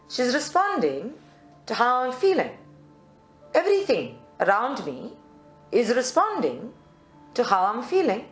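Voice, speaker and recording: A woman from South Africa gives a live spiritual talk to her meditation group, her pitch in the middle range for a woman. She is reflective and moves between calm and heat. The room sounds roomy, with faint music underneath.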